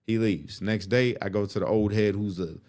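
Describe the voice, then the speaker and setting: A man casually retelling a personal story to the camera in blunt, animated street slang. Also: on the low side, moderate pace.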